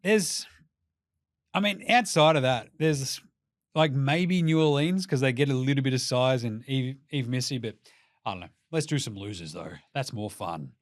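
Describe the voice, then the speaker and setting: A man's voice: mid-range voice, normal speed, no room sound, clean studio sound. A man with an Australian accent hosting a casual basketball commentary show. He talks in a jokey, profane way and mocks teams in put-on voices. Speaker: basketball podcast host.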